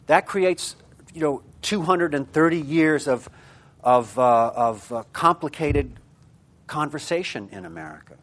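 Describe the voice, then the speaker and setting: A man's voice: on the high side, animated, measured pace, a bit bright. Rambling male lecturer, fillers and restarts. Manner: discursive, thinks aloud with many fillers and restarts. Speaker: seminar lecturer. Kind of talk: lecture to a class of teachers.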